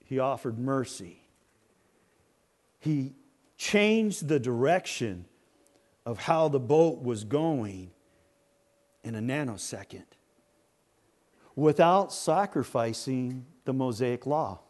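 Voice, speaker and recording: A man preaching a sermon as pastor, swinging from soft, slow lines to loud, emphatic ones. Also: medium pitch, lively intonation.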